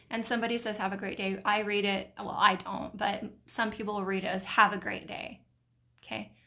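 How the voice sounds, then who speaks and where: A middle-aged woman hosting a live video stream, reading viewers' comments aloud in a warm, encouraging, emotional way. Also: mid-range voice. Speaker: host of a live mindset stream.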